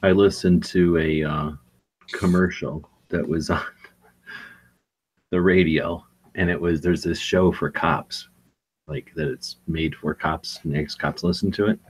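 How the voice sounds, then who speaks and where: A man with a low, husky voice, chatting casually on a podcast. He tells stories in an animated way and slips into quick impressions of other people. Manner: animated storyteller, mimics others. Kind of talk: casual chat.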